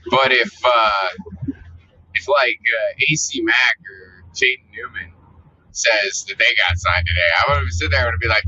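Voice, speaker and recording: A man's voice: medium pitch, measured pace, sharp tone, a little hiss or hum. A man vlogging in a casual, profane, exasperated rant straight to camera. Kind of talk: casual ranting monologue. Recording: dull lo-fi audio.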